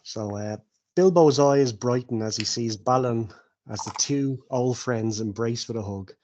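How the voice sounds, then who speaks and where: A man runs a tabletop game, recapping events in a loose, chatty way. He laughs often and keeps the tone relaxed and friendly. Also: mid-range voice, measured pace, background noise. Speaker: game master.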